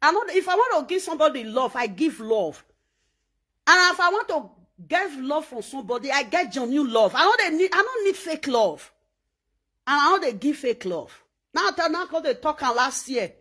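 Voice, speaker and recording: A woman speaking Nigerian Pidgin English in an animated vlog monologue, emphatic and preachy, repeating her points. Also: sits high, moderate pace. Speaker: vlogger.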